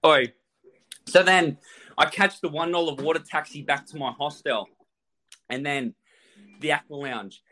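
A man's voice: a little high, a little slow, pauses often, slight background noise. Brash swearing storyteller man. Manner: animated, swears a lot, laughs while telling. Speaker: guest telling a travel story. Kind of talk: casual storytelling.

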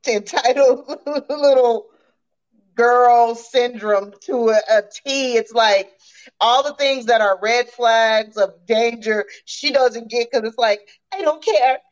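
A woman co-hosting a casual film podcast, chatty and quick to chime in with agreement. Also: on the high side, fairly even intonation, muffled recording. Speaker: podcast co-host. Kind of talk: casual movie discussion.

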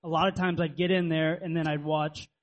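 A man's voice: a little high, little pitch movement, a little fast. Man talking hesitantly on radio. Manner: hesitant, with many ums. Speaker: radio show producer. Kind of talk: casual talk on radio.

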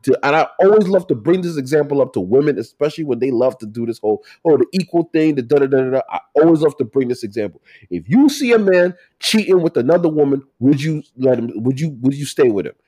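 Animated man, lively swooping pitch. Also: fast talker, slightly rough, dry recording, studio quality. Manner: animated, emphatic, swings from loud to quiet. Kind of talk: casual chat.

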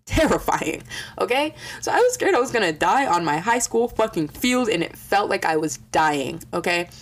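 A young woman telling a story in a casual vlog, swearing a lot and acting out quotes with animated energy. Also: deep voice. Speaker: vlogger.

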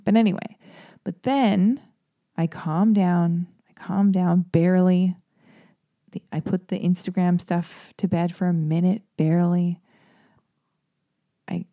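A woman's voice: fairly low pitch, vocal fry, warm tone, no echo. A young woman in a confessional monologue, chatty and self-mocking, with lots of restarts and asides.

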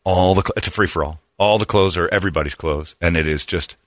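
With a deep, fairly bright voice, the man talks fast as he hosts a radio talk show. His comedic story wanders, he keeps interrupting himself, and he laughs at his own jokes. It's a studio-quality recording with no echo.

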